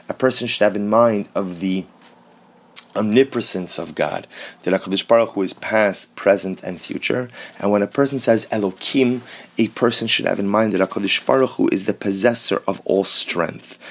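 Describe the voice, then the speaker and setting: Man, Torah teacher, lowish voice, slow readings, English explanations. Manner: reads Hebrew passages slowly, then explains in English.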